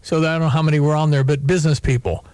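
A man hosting a casual radio sports talk show, animated and emphatic, often repeating himself. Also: fairly high pitch, rapid-fire, no room sound. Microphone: studio microphone.

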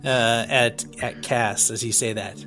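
A man's voice: medium pitch, steady tone, unhurried, bright, forceful tone, soft background music. A man hosting a tabletop podcast and narrating the scene as game master, with loose, filler-filled description.

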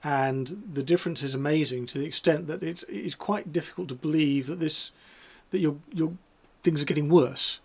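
A man's voice: on the high side, moderate pace, gravelly, hardly any pauses, a little mellow, breathy edge. A man hosting a casual chat, asking follow-up questions and offering sympathetic remarks. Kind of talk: casual conversation.

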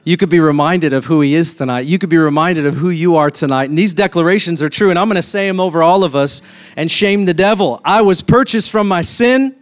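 A pastor preaching a sermon with emphatic, repeated declarations. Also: male voice, on the high side, quick pace.

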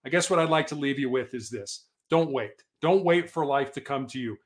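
A man's voice: medium pitch, a little fast. Earnest man telling a motivational story. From Colorado, USA. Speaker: guest.

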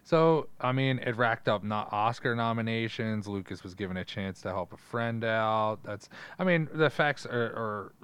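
A man's voice: lowish voice, moderate pace, hardly any pauses, fairly bright tone, clear, resonant tone. A man co-hosting a casual podcast, reading trivia notes and joking with profanity. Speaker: podcast co-host.

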